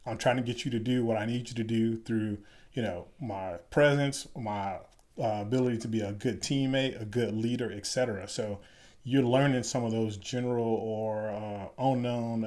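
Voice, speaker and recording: A man in an interview, recounting his time as an Army officer in a relaxed, rambling way with many fillers. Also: fairly low pitch, moderate pace. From Chicago. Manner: relaxed, many fillers, acts out quoted dialogue. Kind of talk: casual storytelling.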